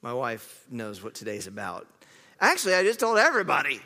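A man's voice: medium pitch, huge pitch swings, brisk, vocal fry, bright, forceful tone, big-room sound. A man preaching a sermon, chatty and self-correcting, joking with the congregation. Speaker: pastor. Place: church sanctuary.

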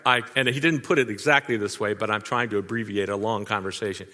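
A man's voice: fairly low pitch, fairly even intonation, fast talker, bright, forceful tone, big-room sound. An older man preaching a sermon, telling folksy family stories in a conversational way and turning to the audience with asides. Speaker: pastor. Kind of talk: storytelling sermon.

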